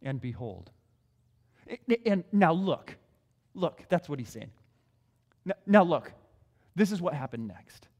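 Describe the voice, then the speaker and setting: Sex: man. Role: pastor. Style: conversational sermon, repeats key phrases. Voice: high. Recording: long hall reverb. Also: animated, unhurried, long pauses, a little mellow, highs cut off.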